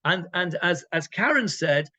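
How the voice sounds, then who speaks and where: A man's voice: high voice, expressive, measured pace, pushed and bright. A man, a rabbi leading an informal text class, reading verses and translating them with emphatic repetition. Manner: emphatic, repeats phrases, reads verses then translates. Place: community room with a group.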